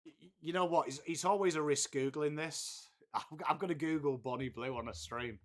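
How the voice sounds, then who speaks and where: A man with a fairly high voice and a normal pace hosts a live cricket watchalong. His casual commentary is crude and full of banter, and he reads his chat out loud.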